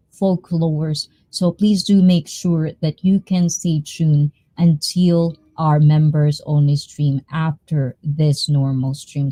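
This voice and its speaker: A Filipino woman hosting a casual livestream chat, bubbly and quick to laugh between lines. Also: lowish voice, dark tone. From Philippines. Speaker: livestream host.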